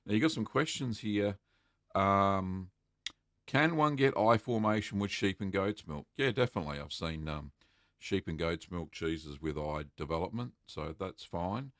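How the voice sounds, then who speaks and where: A man's voice: low-pitched, animated, measured pace, fairly bright tone, no room sound, clean studio sound. A middle-aged Australian man hosting a casual live stream, chatting and answering viewer questions with lots of fillers. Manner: chatty and rambling, reading out names with many fillers.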